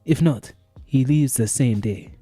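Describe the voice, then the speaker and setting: A man putting on an exaggerated accent to recite proverbs in a slow, solemn way. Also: mid-range voice, mellow, breathy edge, dry recording, faint music behind. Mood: mock solemn.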